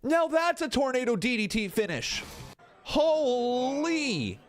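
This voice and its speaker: A man reacting to wrestling clips in a casual, self-mocking way, often yelping and shouting. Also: very high voice, slow, faint music behind. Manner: excitable, yelps and shouts in reaction. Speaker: wrestling YouTuber.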